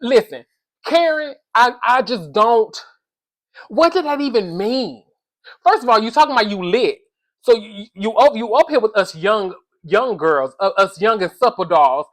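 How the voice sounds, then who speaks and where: A woman with a fairly high voice delivers casual comedic commentary on reality TV. She is animated and exasperated, scolding in slang as she talks straight to her viewers. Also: measured pace.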